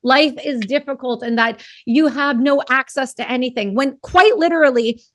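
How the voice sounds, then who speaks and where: A woman's voice: sits high, moderate pace, dry recording. A woman hosting a podcast interview, who talks bluntly and emphatically and swears casually. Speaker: podcast host.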